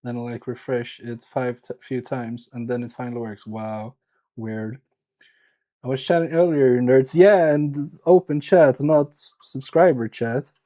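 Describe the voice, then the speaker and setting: Male repair streamer, casual, teasing and self-mocking, warm voice. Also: medium pitch, unhurried. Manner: joking, self-mocking, chatty with viewers. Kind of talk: casual live-stream chat.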